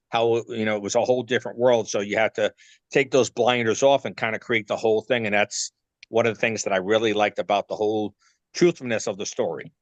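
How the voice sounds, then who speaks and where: A low-pitched man with a New York accent talks casually, with plenty of fillers while he searches for words. The recording is dry and close, with little room sound. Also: no room sound. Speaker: actor and filmmaker guest. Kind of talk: casual interview talk.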